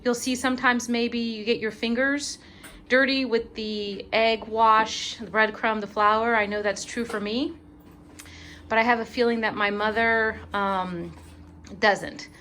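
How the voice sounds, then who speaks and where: In this casual cooking vlog, a woman whose voice is a little high and fairly bright keeps a steady tone and measured pace while walking through each step with her mother. Her explanations ramble slightly with fillers; a faint hiss or hum is audible, and the scene moves from an indoor kitchen to an outdoor backyard one.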